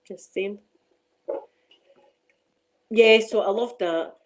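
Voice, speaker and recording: A woman's voice: medium pitch, extremely slow, low-quality recording. A middle-aged Scottish woman hosting a casual chat on her ASMR channel, rambling and laughing often.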